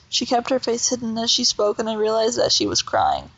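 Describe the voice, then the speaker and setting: A woman reading a children's novel aloud in a steady, plain way with small slips. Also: on the high side, fairly quick, gravelly, muffled recording. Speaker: reader.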